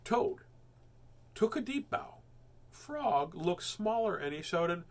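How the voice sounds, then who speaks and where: Male host, storybook read-aloud, animated, swooping lively pitch, fairly high voice. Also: slow pace. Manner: animated, expressive reading. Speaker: children's book reader, host.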